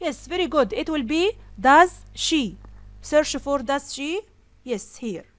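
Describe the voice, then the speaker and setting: A woman teaching an English grammar lesson, slowly repeating each example sentence. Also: sits high, expressive, a little hiss or hum.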